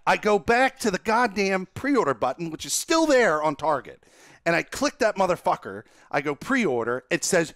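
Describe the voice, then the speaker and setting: A young man on a casual gaming podcast, spinning a profane, animated story. His voice climbs sharply when he gets exasperated. The sound is dry and close, with no room echo. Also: high-pitched, normal speed. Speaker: podcast host. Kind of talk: casual chat.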